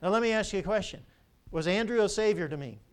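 An older man, a pastor, preaching a sermon with animated storytelling and rhetorical questions. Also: high voice, fast talker, clear, resonant tone.

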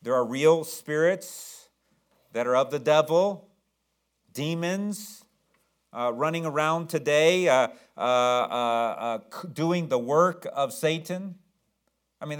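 Fairly high-voiced emphatic male preacher. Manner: emphatic, questions the congregation, often repeats words. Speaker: pastor. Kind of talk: sermon.

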